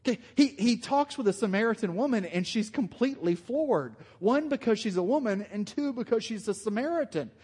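A man's voice: high-pitched, animated, a little fast, few pauses, a little mellow, husky. A man preaching a sermon as pastor, talking in a loose, conversational way and joking with his congregation. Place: church hall with long reverb. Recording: long hall reverb.

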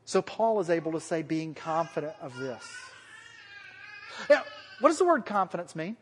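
A man's voice: a little high, big pitch swings, normal speed, a little hiss or hum. A male pastor giving a conversational, self-deprecating sermon to a congregation and putting questions to them. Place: church hall with a congregation. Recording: long hall reverb.

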